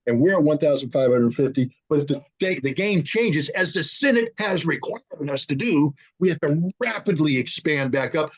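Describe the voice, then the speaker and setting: A man speaking as an arms control analyst in a panel discussion, animated, acting out both sides in quoted dialogue. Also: a little high. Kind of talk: conversational panel talk. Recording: dull lo-fi remote audio.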